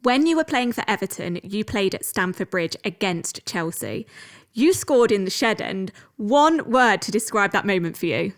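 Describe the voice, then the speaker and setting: A woman interviewer putting quick-fire questions in a playful way and laughing often. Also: mid-range voice, expressive.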